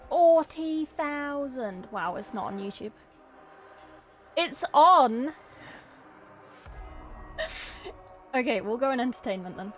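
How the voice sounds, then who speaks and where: A woman with a slightly high voice, talking loosely to her live-stream chat as she sets up a game stream. She rambles, swears freely and greets viewers by name. Faint music plays softly behind her. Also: lively intonation, normal speed, long pauses. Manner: talks to chat, thanks followers.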